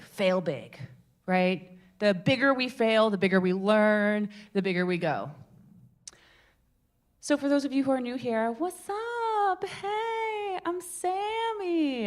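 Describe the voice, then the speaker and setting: A woman in her twenties runs a public speaking meetup and talks to the room like a performer. Her stories come with sudden jumps in pitch and bursts of volume. She sounds upbeat, expressive and showy. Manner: animated, theatrical storyteller with big swings in pitch and volume. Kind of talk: lively workshop talk to a live group.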